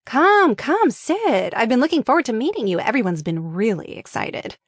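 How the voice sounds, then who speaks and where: A woman's voice: sing-song, moderate pace, dry recording, studio quality. A woman voicing a flashy makeup artist in her late thirties, bubbly and eager, while reading a screenplay aloud. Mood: gushing. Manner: bubbly, eager, pitch jumping up.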